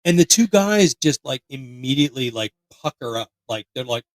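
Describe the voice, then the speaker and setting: A man in his late twenties from Pennsylvania, co-hosting a podcast and telling a profane, animated story with mock voices. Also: medium pitch, moderate pace, dry recording, low-quality recording. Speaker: podcast co-host. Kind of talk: casual storytelling chat.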